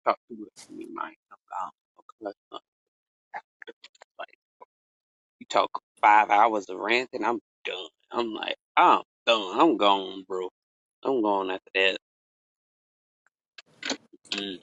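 A man co-hosting a casual chat podcast, rambling loosely and swearing, with sudden high exclaims. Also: takes it slowly, long pauses, a bit bright, dry recording. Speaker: podcast co-host. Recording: dull lo-fi sound.

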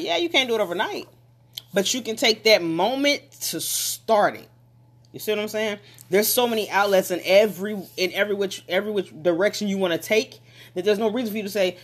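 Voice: medium pitch, animated, a little fast, fairly bright tone. A speaker giving a casual motivational monologue about relationships, talking emphatically with lots of repetition and building to passionate pushes.

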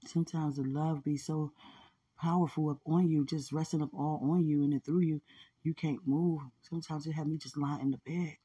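A woman talking in a heartfelt, prayerful way about faith and love, often murmuring quiet agreement. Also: low-pitched, fairly even intonation, normal speed, husky. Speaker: podcast speaker. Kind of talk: casual emotional talk about faith and love.

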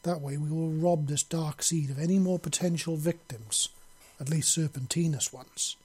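A man reading an audiobook, voicing a steady male clan patriarch who speaks in a measured, persuasive way. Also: a little high, husky.

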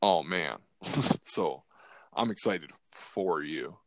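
A man's voice: sits low, expressive, very slow, background noise. A man co-hosting a podcast in casual chat, laid-back and joking, swearing now and then. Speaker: podcast co-host.

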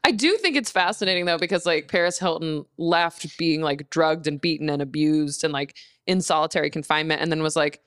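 A woman's voice: sits low, animated, moderate pace, hardly any pauses, fairly bright tone, clean tone, no room sound, studio quality. A woman co-hosting a podcast, telling a true story in a casual, profane way and laughing often. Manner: swears freely, trails into laughs.

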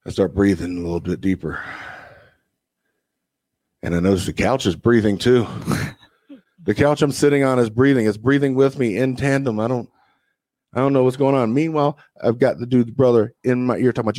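A man's voice: mid-range voice, brisk, pauses often, a little mellow, no echo. A young man, a podcast co-host, telling a long profane story in casual chat and acting out the people in it. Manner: profane, drawling anecdotes with acted-out quotes.

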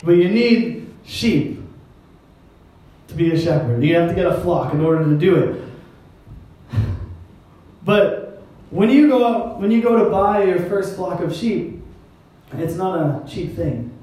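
A man's voice: high-pitched, animated, unhurried, warm tone. A man preaching a sermon as pastor, in a conversational style with wry, self-deprecating asides. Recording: echoey hall, mic at a distance.

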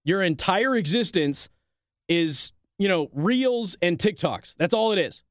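A man with a fairly high voice delivers sarcastic commentary, reading headlines aloud and cutting in with mocking rhetorical questions. The recording is close and dry, with no room sound. His tone stays pointed and needling throughout. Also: animated, unhurried, dry recording. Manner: reads articles aloud then interjects. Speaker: political commentary host.

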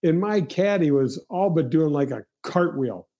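A man in his fifties, a show host telling golf stories in a casual, rambling, animated way with some swearing. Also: fairly high pitch, unhurried. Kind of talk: casual storytelling chat.

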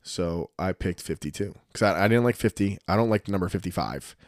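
A man in his thirties, hosting a casual chat and telling lively sports stories, acting out the quotes. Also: deep voice, brisk, dry recording, studio quality. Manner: animated storyteller, acts out quotes.

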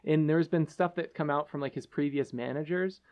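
A man co-hosting a casual podcast, talking in an earnest, halting way with many fillers. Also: on the high side, lo-fi sound. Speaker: podcast co-host.

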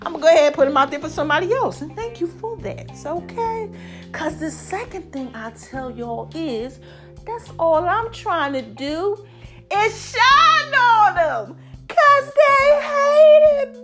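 A woman with a high, lively voice talks straight to her viewers in a chatty, preachy way. She swings between excited emphasis and quieter asides while encouraging them. Soft music sits faintly in the background. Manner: animated, preachy, addresses viewers as y'all. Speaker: vlogger. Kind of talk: motivational faith talk to viewers.

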